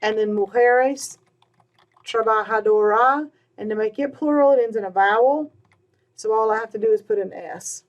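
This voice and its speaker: A woman, teaching a recorded Spanish grammar lesson, patiently repeating words slowly with "all right" and "um" between points. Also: fairly high pitch, dull audio.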